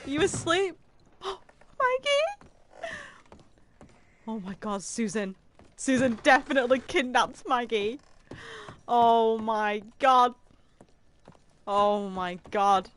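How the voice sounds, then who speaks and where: A young adult woman streaming a video game in casual chat, excitable and dramatic, often gasping and laughing. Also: on the high side, slow pace, a little hiss or hum.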